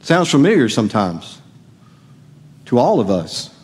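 Pastor preaching in a reverberant hall. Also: male voice, mid-range voice, very animated, measured pace, darkish tone, breathy edge. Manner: conversational, asks the congregation questions. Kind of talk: sermon. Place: church sanctuary.

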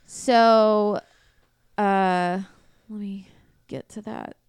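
Slow, smooth-voiced woman telling a true crime story. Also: medium pitch, steady tone, no room sound. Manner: blunt, profane, conversational retelling. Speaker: podcast host.

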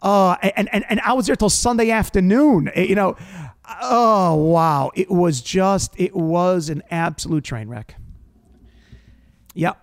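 A rabbi from New York telling a funny story in a casual chat, animated and laughing, acting out other people's lines. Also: male voice, sits high, a little slow. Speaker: rabbi and podcast host.

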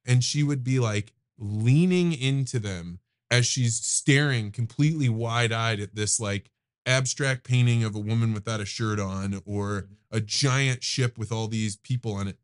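A man of middle pitch hosts a podcast in a relaxed, reflective tone. He rushes through some phrases and stretches out others as he thinks aloud. His delivery stays earnest and conversational. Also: smooth. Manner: reflective storyteller, eager, speeds up and slows down. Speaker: podcast host. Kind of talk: casual conversation.

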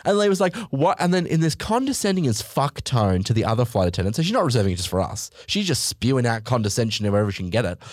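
Animated, sweary man telling stories. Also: mid-range voice, rapid-fire, hardly any pauses, no echo, studio quality. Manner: animated, sweary, mock-outraged. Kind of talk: comedic storytelling monologue.

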